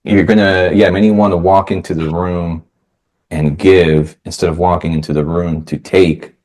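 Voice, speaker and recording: Low-voiced man telling chatty stories. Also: steady tone, moderate pace, darkish tone. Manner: chatty storyteller who acts out quoted voices. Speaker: podcast host. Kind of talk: casual conversation.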